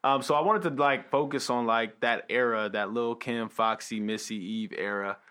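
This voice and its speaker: A man's voice: mid-range voice, fairly even intonation, moderate pace, pushed and bright, clear, resonant tone. Man, podcast host, laid-back, lots of fillers, casual talk. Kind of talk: casual chat.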